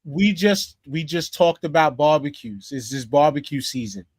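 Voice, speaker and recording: A man with a fairly high voice talks in a relaxed, casual podcast chat. He hammers his points home, repeats himself and curses freely. The sound is dry and close to the mic. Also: moderate pace, husky, no room sound. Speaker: podcast co-host.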